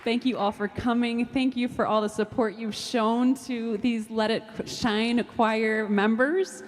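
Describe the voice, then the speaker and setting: Woman giving thanks at a church show, bit high voice, lots of ums, big echoey hall with a faint crowd. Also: fairly even intonation, slight background noise. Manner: warm, halting, many fillers. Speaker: choir co-director. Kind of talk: thank-you speech at a church event.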